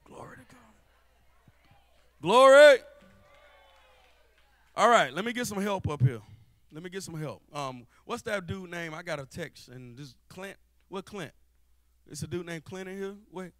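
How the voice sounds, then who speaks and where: A young man preaching a lively sermon in church. He jokes and calls out to the congregation in a casual, playful way. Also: sits high, moderate pace, dry recording. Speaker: guest preacher. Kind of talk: lively church sermon with spoken-word rap. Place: church sanctuary before a live congregation.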